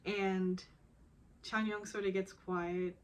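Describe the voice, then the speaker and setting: Woman, casual drama recap vlog, chatty, laughs a lot, slow unhurried delivery. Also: medium pitch, little pitch movement, a little hiss or hum. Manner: chatty, laughs often while talking.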